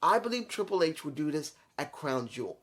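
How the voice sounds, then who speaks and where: A young man giving a casual, excitable wrestling review, swearing freely and acting out quotes as he recaps scenes. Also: a little high, fairly quick.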